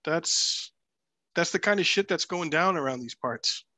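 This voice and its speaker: A man telling family stories in a loose, joking ramble, often breaking into laughter. His voice sits a little high and bright. The recording is dry and close. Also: expressive, a little slow, no room sound. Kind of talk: casual family chat.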